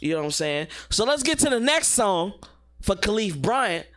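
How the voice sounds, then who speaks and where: A man's voice: sits high, big pitch swings, moderate pace, fairly bright tone. A man hosting a casual podcast, talking in a brash, profane, hyped-up way as he throws out challenges. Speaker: podcast host.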